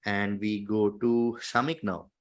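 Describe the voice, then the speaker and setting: A man with an Indian English accent hosting a quiz show, reading out questions and scores in a steady, explanatory way. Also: on the low side, takes it slowly. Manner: steady, explanatory, lightly hesitant with fillers. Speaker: quizmaster.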